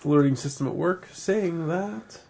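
A man's voice: fairly high pitch, moderate pace, creaky, mellow, a little hiss or hum. A man co-hosting a podcast, chatting casually and rambling, laughing often, a bit tipsy from beer. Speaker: podcast co-host. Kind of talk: casual chat.

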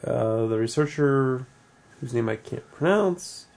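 A man's voice: medium pitch, animated, a little slow, darkish tone. A man co-hosting a podcast, chatting casually and rambling, laughing often, a bit tipsy from beer. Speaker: podcast co-host. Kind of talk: casual chat.

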